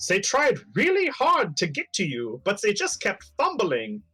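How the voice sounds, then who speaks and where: A man running a tabletop game as game master, narrating in a lively, playful way. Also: high voice, measured pace, husky, low-quality recording.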